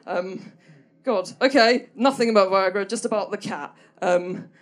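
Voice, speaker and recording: A woman's voice: mid-range voice, a little slow. A young woman does stand-up on a small comedy stage. She rambles and hesitates, restarting sentences with plenty of ums. Her humour is dry and self-deprecating. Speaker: stand-up performer. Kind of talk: stand-up storytelling.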